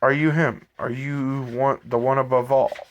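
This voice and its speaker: A man's voice: mid-range voice, slow pace, dull audio. A man voicing a curious, frustrated male telepath who asks earnest, pressing questions. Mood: earnest, questioning.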